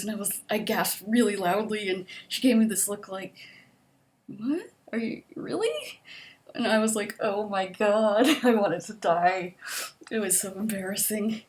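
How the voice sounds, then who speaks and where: A young adult woman vlogging, telling a personal story in a chatty way with laughs, sighs and sudden high-pitched outbursts of disbelief. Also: steady tone, normal speed.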